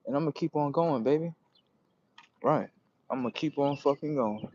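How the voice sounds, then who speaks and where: A young man livestreaming outdoors near a street on his phone, rambling casually and profanely, with sudden loud excited bursts. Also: fairly high pitch, moderate pace, muffled recording, slight background noise. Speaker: livestream host.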